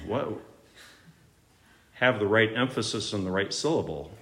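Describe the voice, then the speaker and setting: A middle-aged male pastor preaching a sermon, emphatic, with sudden loud rises and soft drops. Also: fairly low pitch.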